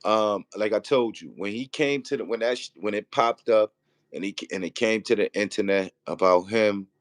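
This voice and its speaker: A man's voice: lowish voice, normal speed, no echo, studio quality. A man in casual debate, rambling with restarts and often asking if he's understood. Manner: rambling, repeats "you feel what I'm saying".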